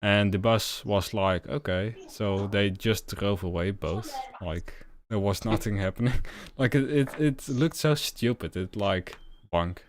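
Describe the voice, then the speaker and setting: Deep-voiced young man, rambling. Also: measured pace, hardly any pauses. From Netherlands, Friesland. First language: Frisian. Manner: rambling, filler-heavy, often laughing. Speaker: podcast host. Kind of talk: casual chat on a livestreamed podcast.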